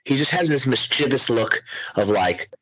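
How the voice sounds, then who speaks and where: Man, husky voice, lively pitch, dry close sound, casual podcast chat. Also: normal speed, rough recording. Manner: profane, animated storytelling. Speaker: podcast co-host.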